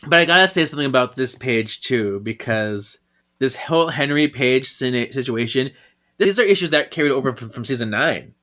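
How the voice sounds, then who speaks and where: A man's voice: mid-range voice, animated, fairly quick, sharp tone. A man co-hosting a podcast, casually talking through a comic and laughing often. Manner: laughs often, reads dialogue with playful voices. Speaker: podcast co-host.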